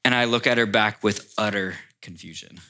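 A man, a pastor, preaching a sermon to his congregation as a lively storyteller who speaks straight to the room. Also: lowish voice, moderate pace. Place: church before a congregation.

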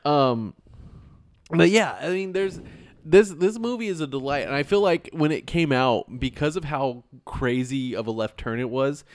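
A man's voice: fairly high pitch, lively intonation, moderate pace, no echo, studio quality. A man co-hosting a podcast in casual movie chat, rambling and repeating words as he searches for his point, enthusiastic and casually swearing. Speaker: podcast co-host.

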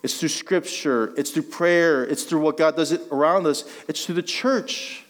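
A man's voice: a little high, measured pace. A male guest pastor preaching a sermon, conversational and joking, building to emphatic exhortation. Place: church sanctuary. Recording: long reverb of a church hall.

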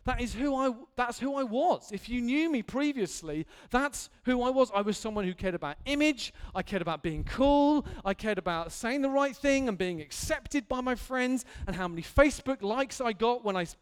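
A man's voice: very high-pitched, animated, normal speed, smooth. A man preaching an earnest, candid sermon in a church hall, building to emphatic intensity.

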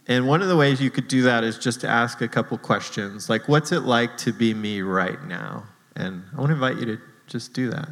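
A man's voice: mid-range voice, a bit bright, big-room sound, rough recording. A man preaching a sermon as pastor, casual and self-deprecating, laughing often between points.

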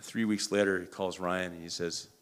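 A man preaching a sermon, telling a story in an animated way and often restarting or repeating words. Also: deep voice, moderate pace, clean tone. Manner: animated, acts out quoted dialogue.

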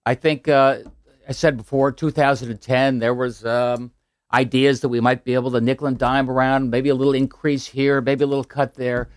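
A man's voice: mid-range voice, flat delivery, normal speed, dry recording. A man in his sixties, a political candidate answering radio interview questions in an upbeat, persuasive way with some restarts. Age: 60s. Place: radio studio.

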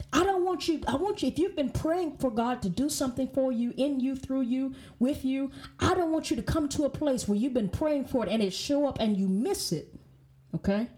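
A woman's voice: sits high, darkish tone. A woman teaching a Bible study in an emphatic way, often checking in with "okay?" and restarting her sentences.

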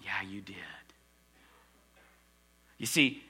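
Male preacher, emphatic sermon delivery, bright piercing tone, loud-to-hushed swings. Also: mid-range voice, animated, a little fast, pauses often. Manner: emphatic, swings from loud exclamations to near whispers; asks the congregation to respond.

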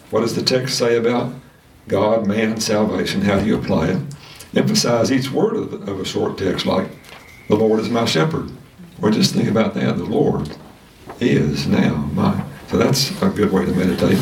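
Male Sunday school teacher, lower voice, halting delivery full of fillers, distant mic in an echoey room with faint noise. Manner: halting, many restarts and fillers. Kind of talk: casual church lesson. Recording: roomy sound from a distant mic.

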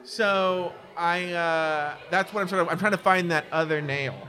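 This man has a high voice and talks a little slowly. As a podcast guest in a casual conversation, he tells personal anecdotes with candor and energy, mocking people at times by quoting them.

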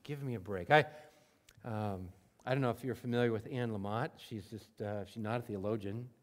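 A man preaching a sermon in a conversational way, acting out prayers in everyday words and moving between emphatic bursts and hushed moments. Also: fairly low pitch, normal speed. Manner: conversational, swings from loud emphatic to soft and hushed. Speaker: pastor.

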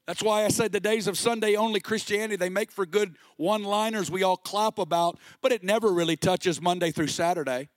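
A middle-aged man preaching a sermon with passion, sometimes rising to a shout. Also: high-pitched, brisk, few pauses, dry recording. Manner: impassioned, rising to shouts at peaks.

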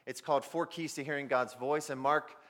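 A man preaching a sermon, swinging between loud emphasis and near-whispers as he speaks directly to his listeners. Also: mid-range voice, steady tone, brisk. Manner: addresses listeners directly as "guys". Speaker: pastor.

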